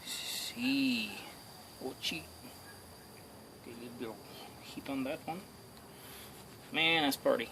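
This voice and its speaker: A man's voice: a little high, sing-song, slow pace, long pauses. Joking man filming himself on a phone. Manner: joking, talks to himself and viewers. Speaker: hobby metalworker. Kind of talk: casual self-filmed commentary. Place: outdoors beside a fire. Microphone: phone camera. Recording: loud outdoor noise on phone.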